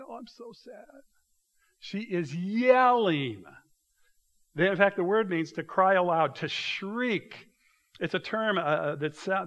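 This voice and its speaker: A man preaching a sermon, walking his listeners through a passage with emphatic, animated storytelling. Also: on the high side. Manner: animated, emphatic storytelling with rising bursts of loudness; directs listeners to mark passages in their notes. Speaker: pastor.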